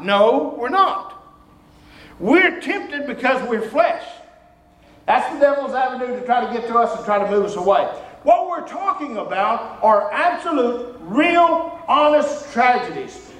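High-voiced man preaching, echoey room. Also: very animated, moderate pace. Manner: emphatic, with shouted bursts. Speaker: visiting preacher. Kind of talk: sermon.

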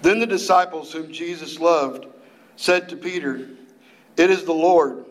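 This sermon comes from a man in youth ministry whose somewhat high voice moves at a measured pace. Folksy and lively, he puts on playful voices while telling the story, with roomy echo on the recording.

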